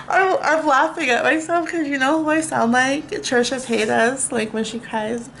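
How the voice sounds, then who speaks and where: Woman vlogger, fed-up profane rant, a touch high-pitched, faint hiss behind. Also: steady tone, normal speed, vocal fry, fairly bright tone. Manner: exasperated, profane ranting with frequent fillers; breaks into laughter at herself. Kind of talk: casual rant to camera.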